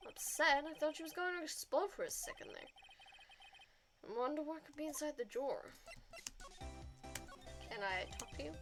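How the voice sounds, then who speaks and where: A woman streamer reads game dialogue aloud in a casual, playful tone, stopping on hesitant fillers. Her voice sits a little high, with clear music playing behind. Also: expressive, fairly quick, a bit bright.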